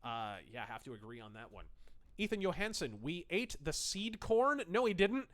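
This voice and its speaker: A man's voice: on the high side, very animated, moderate pace, fairly bright tone. A man hosting a livestream, reading chat messages aloud and commenting in a snarky, profane, sarcastic way.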